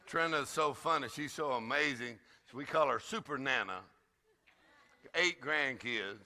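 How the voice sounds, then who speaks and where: An older man giving an exuberant sermon as guest preacher, shouting and laughing loudly. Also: medium pitch, lively intonation, unhurried. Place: church service.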